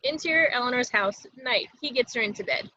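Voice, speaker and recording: Woman, stage directions reader, even delivery, bright tone, husky, lo-fi video call audio. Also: on the high side, brisk, no echo.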